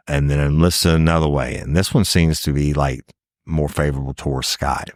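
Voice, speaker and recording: A man's voice: a bass voice, a little mellow, no echo, studio quality. A middle-aged man hosting a true crime podcast, telling the case casually, swearing often and talking straight to his listeners in disbelief. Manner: profane, incredulous, talks straight to listeners.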